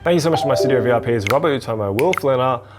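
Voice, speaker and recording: A man in his twenties hosts a casual reaction video from a home studio, chatty and excitable, laughing often. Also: mid-range voice, rapid-fire, over music. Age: 20s. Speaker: host. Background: marching percussion show playing.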